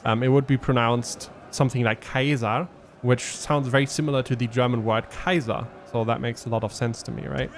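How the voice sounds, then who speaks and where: A man's voice: medium pitch, flat delivery, brisk, hardly any pauses, a little hiss or hum. A man giving casual gameplay commentary as a let's play host, thinking aloud and explaining his tactics with frequent ums.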